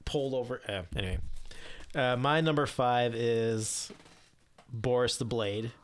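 A man co-hosting a podcast, talking excitedly with many fillers and some swearing. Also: medium pitch, unhurried. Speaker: podcast co-host. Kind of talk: casual chat.

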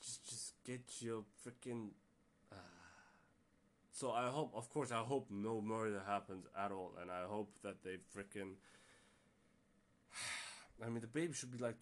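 A man's voice: on the low side, normal speed. A man hosting a casual solo podcast, rambling with many fillers and restarts and sounding exasperated. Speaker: podcast host.

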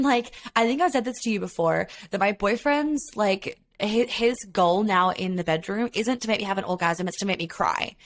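A woman co-hosting a podcast in casual chat, candid and expressive, swearing freely. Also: medium pitch. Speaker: podcast co-host.

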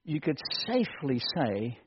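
Animated preacher man, muffled recording. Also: medium pitch, a little slow, background noise. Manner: animated, joking, builds to excited shouts. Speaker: pastor. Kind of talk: sermon.

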